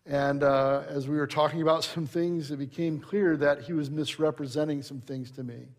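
A man's voice: fairly high pitch, steady tone, moderate pace. A middle-aged male pastor preaching a sermon, telling anecdotes in a conversational way and rising to emphatic preaching.

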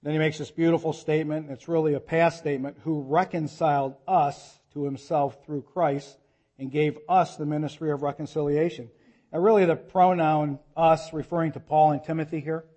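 A man preaching a sermon in a church, reading scripture slowly and rising to urgent appeals. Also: a little high, fairly even intonation, dark tone. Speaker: pastor.

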